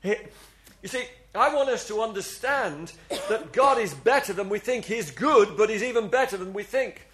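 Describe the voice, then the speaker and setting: A man's voice: high voice, expressive, moderate pace, fairly bright tone. A man preaching a sermon to a congregation, earnest and confessional, often restarting his words and leading the people in saying things together. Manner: leads the congregation in call-and-response. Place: church before a congregation.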